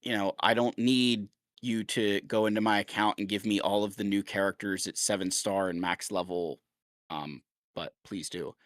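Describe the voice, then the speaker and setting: Podcast co-host, man, lowish voice, dry close sound, blunt and rambling. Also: flat delivery, moderate pace, hardly any pauses, a bit bright, no echo. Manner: rambling, filler-heavy, blunt. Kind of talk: casual chat.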